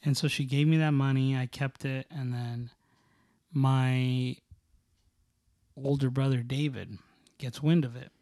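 A man chats loosely through a story, stumbling over words and leaning on "like" at every turn. His voice sits in a middle pitch with a mellow, relaxed color. The sound is close and dry, with no room around it. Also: a little slow, pauses often, no echo. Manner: rambling, filler-heavy, many "like"s and restarts; laughs while telling stories. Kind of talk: casual storytelling chat.

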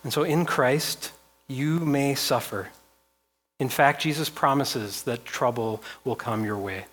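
A man's voice: medium pitch, slow pace, fairly bright tone, husky. A man preaching a sermon as pastor, reading scripture aloud with rising intensity and repeating phrases.

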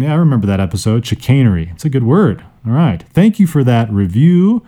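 A man's voice: lowish voice, very animated, a little fast, few pauses, warm tone. A man hosting a casual vocabulary podcast, playful and self-mocking, joking between word explanations. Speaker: podcast host teaching vocabulary.

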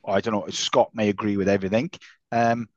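A man's voice: on the low side, level tone, brisk, darkish tone, dry recording. Chatty teasing man, dull lo-fi sound. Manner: chatty, teasing, swears casually. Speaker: podcast co-host. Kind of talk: casual chat.

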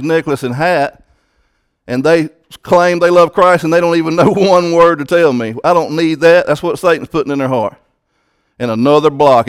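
Guy preaching, kinda high voice, fired up, repeats himself a lot. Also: smooth, no room sound, studio quality. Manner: impassioned, emphatic, repeats words. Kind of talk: sermon.

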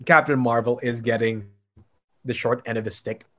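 A man in casual chat as a podcast co-host, animated and laughing often. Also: mid-range voice, normal speed.

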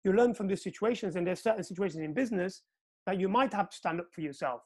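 A man's voice: high-pitched, fast talker. A man from Portugal hosting a casual chat, telling a story and acting out the quotes with energy. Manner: animated storyteller, acts out quotes.

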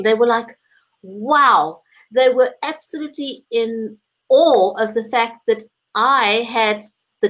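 A woman co-hosting a casual live-stream chat, earnest and a little rambling, with frequent fillers. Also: on the high side. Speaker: co-host.

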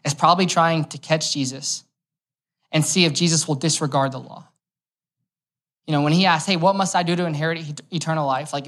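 A man's voice: on the high side, a bit bright. Young guy giving a laid-back sermon, chatty, storytelling, throws in little jokes. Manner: casual and storytelling, with light humor. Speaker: preacher. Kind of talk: conversational sermon.

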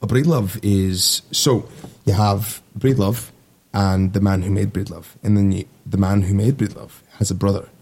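A young man in his twenties speaks low in a gravelly voice with a Midwestern American accent. He talks in a relaxed, rambling way, easy and unhurried. He sounds like a Navy sailor chatting casually about himself. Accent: Midwestern American, put-on. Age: 20s. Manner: relaxed, rambling, laughs easily. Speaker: guest, Navy sailor and guitarist. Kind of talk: casual interview chat.

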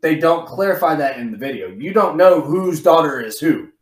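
Man, podcast co-host, casual profane chat, animated storyteller, slightly high voice, echoey room. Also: moderate pace. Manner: animated storyteller, acts out quotes in a raised voice.

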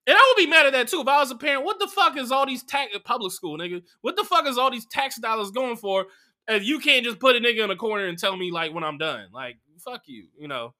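A young adult man hosting a comedy podcast, telling crude stories in a loose, animated way full of fillers. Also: very high voice, fast talker. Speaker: podcast host. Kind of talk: casual comedic storytelling.

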